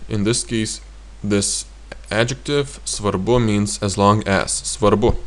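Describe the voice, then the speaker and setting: A man with a Lithuanian accent teaching grammar in a slow, halting way with frequent fillers. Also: on the low side, fairly even intonation. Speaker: language teacher.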